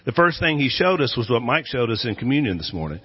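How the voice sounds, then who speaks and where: Husky-voiced male pastor preaching in an echoey hall. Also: medium pitch, sing-song, fast talker. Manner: dramatic storytelling, acting out quoted voices. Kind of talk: sermon. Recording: echoey hall, dull lo-fi sound.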